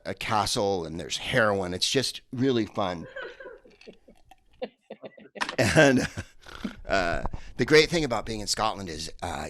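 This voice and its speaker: A man's voice: fairly low pitch, fairly bright tone, a little hiss or hum. Rambling man doing stand-up from home. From San Francisco. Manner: rambling, digressive delivery with many fillers. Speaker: stand-up comedian. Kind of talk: stand-up set over a video call. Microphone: earpiece headset.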